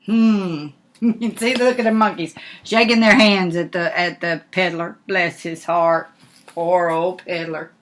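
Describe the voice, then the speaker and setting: An older woman, a grandmother, reading a picture book aloud in an animated way and asking the listener questions. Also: medium pitch. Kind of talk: storybook read-aloud.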